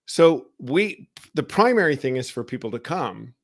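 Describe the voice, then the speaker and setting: A man's voice: mid-range voice, very animated, moderate pace. A man hosting a live online recovery show, talking casually and greeting viewers by name. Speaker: show host. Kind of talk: casual live-stream talk.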